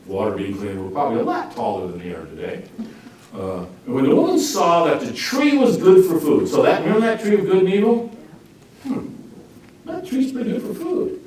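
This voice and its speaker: A man giving an informal Bible class, joking and acting out quotes in lively swings of voice. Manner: jokey, animated, acts out quotes with lively pitch swings. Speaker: Bible teacher. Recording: roomy echo, speaker far from mic, faint noise.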